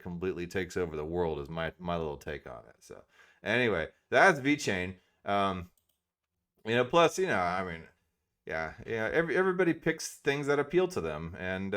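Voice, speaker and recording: Middle-aged male host, casual rambling crypto commentary, animated pitch, filler-heavy. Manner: rambling, many fillers, self-deprecating laughs.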